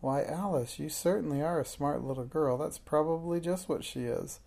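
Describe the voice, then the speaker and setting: A storybook reader voicing a young girl who serves a witch, eager and anxious, with excited exclamations. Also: mid-range voice, moderate pace, creaky.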